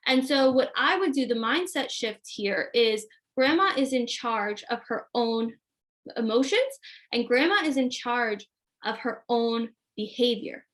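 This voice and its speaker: Higher-pitched woman coaching parents. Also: fairly bright tone. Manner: reads questions aloud, acts out example dialogue. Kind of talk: live Q&A answering viewer questions.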